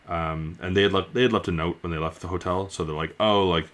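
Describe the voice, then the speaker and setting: A man with a very low, deep voice recaps a book's plot in an easygoing, unscripted review. He rambles, circles back and fills the pauses with plenty of "um" and "like.". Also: fairly even intonation, a bit bright. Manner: rambling, loose, with frequent fillers. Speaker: book reviewer. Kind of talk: casual spoken book review.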